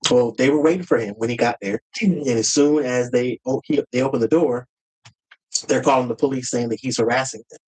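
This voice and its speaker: A man's voice: medium pitch, fairly quick, darkish tone, breathy edge, low-quality recording. A man as a podcast guest, telling a personal family story earnestly and with emotion, sometimes acting out heated words.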